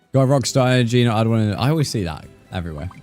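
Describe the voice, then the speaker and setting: A man's voice: fairly low pitch, darkish tone. A young man from the UK with a British accent, chatting casually with viewers on a live gaming stream and dropping slang like mate and bro. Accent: British English. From United Kingdom.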